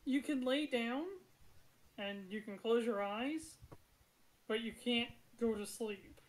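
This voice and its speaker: A woman's voice: on the high side, slow, rough recording. A woman narrating as game master of a tabletop game, describing scenes plainly with casual asides.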